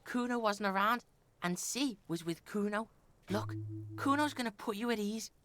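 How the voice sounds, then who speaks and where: A woman's voice: mid-range voice, normal speed, fairly bright tone, lightly acted. A woman voicing a foul-mouthed, swaggering street boy who talks about himself in the third person, in a video game. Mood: brash.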